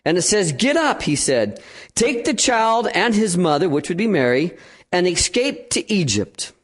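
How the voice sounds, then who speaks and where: A man preaching a sermon as pastor, telling a story with animated, acted-out quotes. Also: sits high, moderate pace.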